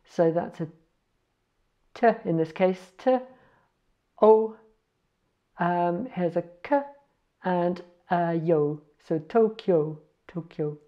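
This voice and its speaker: A woman's voice: on the low side, highs cut off. A woman casually teaching foreign words, spelling them out letter by letter and correcting herself as she goes. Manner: chatty, self-correcting, spells out letters slowly. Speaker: language learner sharing words.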